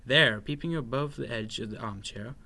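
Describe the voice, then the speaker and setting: A man reading a children's picture book aloud in an expressive, playful, sing-song way. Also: medium pitch, normal speed, creaky. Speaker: storyteller.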